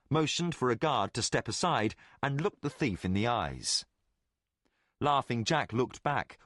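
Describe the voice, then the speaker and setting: Slow, expressive male audiobook narrator. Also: mid-range voice, no echo, studio quality. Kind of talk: scripted narration.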